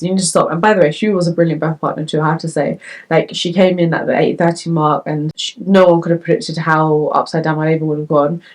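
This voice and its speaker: A woman's voice: fairly low pitch, a little mellow. A young woman vlogger telling her story to the camera in a candid, chatty way, full of fillers, from the United Kingdom. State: tearful.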